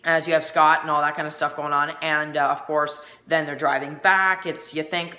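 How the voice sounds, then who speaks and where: A man talks through a TV episode review in a loose, rambling way, stopping and restarting his sentences often. His voice has a bright, forceful edge. The sound carries a noticeable roomy echo. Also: on the high side, level tone. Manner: rambling, halting, full of restarts. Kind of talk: casual spoken review.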